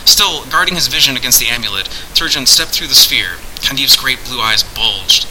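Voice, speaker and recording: A man reads a fantasy tale in a measured, dramatic audiobook style. His voice sits at a middle pitch but sounds very bright. A faint hiss runs under the recording. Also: animated, poor audio. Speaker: narrator.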